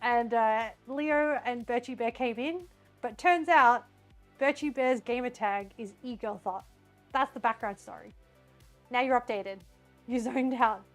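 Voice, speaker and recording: A woman's voice: fairly high pitch, a little slow, a bit bright, soft background music. An Australian woman streamer chatting casually while she cooks in her home kitchen, giggly and scattered. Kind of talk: casual live-stream chat while cooking.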